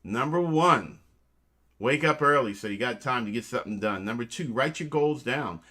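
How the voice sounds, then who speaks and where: A man hosts a relaxed chat show with a playful, teasing streak, cracking jokes one moment and giving earnest motivational advice the next. His pitch sits in an ordinary middle range, and he keeps addressing listeners as family. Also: moderate pace. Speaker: host.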